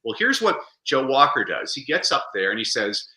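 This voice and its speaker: A man being interviewed on a podcast, telling animated stories and acting out the quotes. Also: mid-range voice, normal speed, echoey room, rough recording. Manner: animated storyteller, acts out quotes. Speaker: guest speaker.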